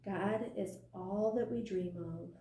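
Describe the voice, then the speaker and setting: A woman voicing a wise, calm ancient turtle in a slow, solemn storybook reading, recorded in a roomy space from a distance. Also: mid-range voice. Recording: roomy, distant mic, faint noise.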